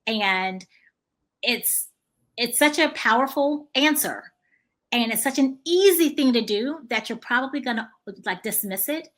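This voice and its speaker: A woman hosting a podcast interview, telling stories in a lively way and acting out the dialogue. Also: on the high side, unhurried. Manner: animated storytelling, acting out dialogue. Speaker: podcast host. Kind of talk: casual conversational interview.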